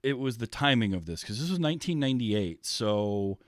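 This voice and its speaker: A man's voice: mid-range voice, animated, moderate pace, no echo, clean studio sound. A man from the United States hosting a podcast, chatting casually and rambling with many ums. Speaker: podcast host. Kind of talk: casual chat.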